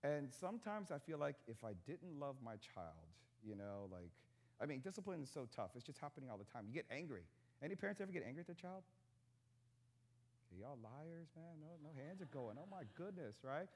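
Male pastor, 30s, lively sermon voice with big pitch swings, chatty and joking with the crowd. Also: brisk. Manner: conversational, joking with the congregation.

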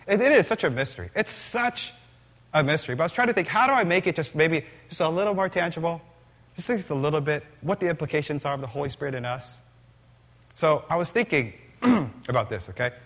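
A man preaching a sermon in a church, animated and conversational, asking the congregation questions. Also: medium pitch. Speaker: pastor.

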